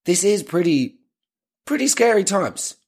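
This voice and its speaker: A man's voice: high voice, big pitch swings, unhurried. A young man with an Irish accent delivering a brash, profane comic monologue. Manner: brash, profane, mocking storytelling. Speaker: comedian.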